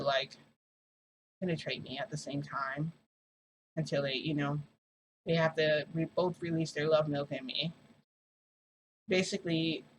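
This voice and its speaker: A woman's voice: low-pitched, fairly bright tone, slight background noise, low-quality recording. A woman vlogger telling a long personal story in casual, rambling speech with frequent asides. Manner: rambling, dramatic, many fillers and asides. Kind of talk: casual storytelling about a shifting experience.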